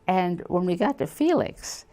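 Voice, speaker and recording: An older woman novelist in a casual interview, telling stories in a lively way and acting out the voices of the people in them. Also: lowish voice, unhurried. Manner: animated storyteller, acts out quoted voices. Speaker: novelist guest.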